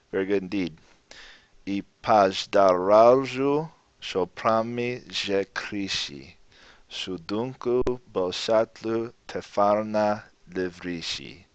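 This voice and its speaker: Man, mid-pitched and smooth-voiced, teaching casually on a stream; rambles, restarts, dry and muffled sound. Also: no room sound. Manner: relaxed, rambling, self-correcting. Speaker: language teacher. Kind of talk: casual livestream lesson. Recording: dull lo-fi stream audio.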